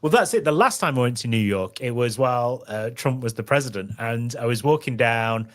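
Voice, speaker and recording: A man's voice: mid-range voice, lively intonation, brisk. A middle-aged man with a Yorkshire accent, co-hosting a casual chat show and laughing often. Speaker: podcast co-host.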